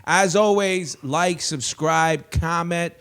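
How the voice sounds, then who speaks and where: A man's voice: a little high, slow pace, a bit bright. A man hosting a comedy podcast in a studio, chatting casually with lots of rambling, laughter and crude asides.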